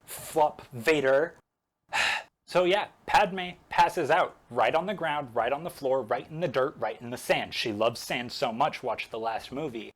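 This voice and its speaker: A man's voice: medium pitch, measured pace. Sarcastic rambling man recapping a film. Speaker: painting vlogger. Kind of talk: casual recap while painting.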